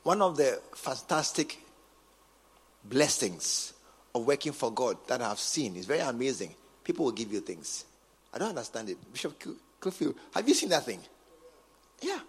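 A high-voiced man with a Ghanaian English accent preaches in a large cathedral, his bright, husky voice leaping up and down in pitch. He repeats lines with mounting force, going from low asides to shouts. Long reverb fills the hall over faint music. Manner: emphatic, repetitive, swings from quiet to shouting. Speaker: bishop preaching. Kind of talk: sermon.

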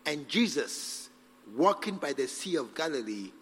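A man preaching a sermon as pastor, acting out scenes with sudden shouts. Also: fairly high pitch, measured pace, a little hiss or hum. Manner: animated, acts out scenes, shouts for effect. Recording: long hall reverb with faint music.

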